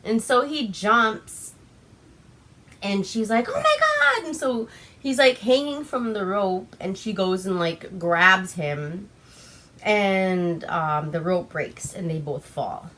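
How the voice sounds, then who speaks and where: A woman's voice: mid-range voice, slow, a bit bright. Giggly, chatty young woman from Alaska. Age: young adult. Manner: chatty and giggly, full of "like" and "um" fillers. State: tipsy from wine. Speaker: vlog host. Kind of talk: casual movie recap.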